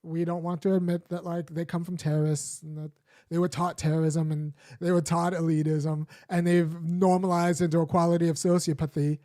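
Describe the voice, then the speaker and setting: A man's voice: a little high, level tone, a little fast, dark tone. A man hosting a weekly live show, giving argumentative political commentary in a conversational, lecturing way with frequent fillers and restarts.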